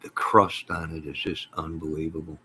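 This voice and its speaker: A man hosting his own channel, chatting casually to his viewers on a live stream in an excitable, folksy, rambling way. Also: extremely low pitch, normal speed, slight background noise, rough recording. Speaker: channel host.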